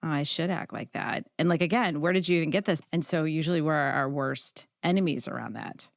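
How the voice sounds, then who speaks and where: A woman from Chicago hosts a podcast interview in a chatty, affirming way. Her voice sits on the low side and sounds dry and close. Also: fairly quick, creaky, no echo. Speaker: podcast host. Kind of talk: casual interview chat.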